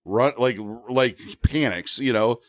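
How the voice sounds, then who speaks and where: A man telling a funny story as a podcast guest, animated and often laughing. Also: mid-range voice, slow pace, no echo, studio quality. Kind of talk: casual storytelling.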